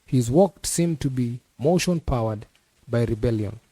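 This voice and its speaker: A man, a teacher, reading a novel aloud as an audiobook in a measured storytelling manner. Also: mid-range voice, animated, dark tone, dry recording. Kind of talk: audiobook narration.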